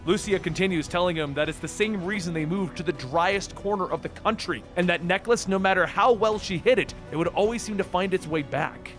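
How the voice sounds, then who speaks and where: A man's voice: high voice, brisk, a bit bright, faint music behind. A man narrating a comic book story as a recap storyteller.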